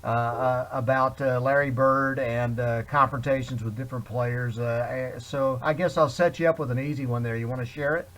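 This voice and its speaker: A man hosting an interview, asking questions in a halting way with many fillers. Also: medium pitch, fairly even intonation, fairly bright tone. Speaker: host.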